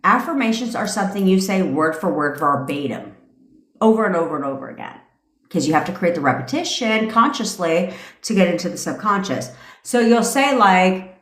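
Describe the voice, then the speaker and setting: Profane, laughing female life coach on a live stream; lower voice, echoey room. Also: expressive, moderate pace, fairly bright tone. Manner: profane, brash and laughing, tangents and impressions. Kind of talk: casual live-stream rant.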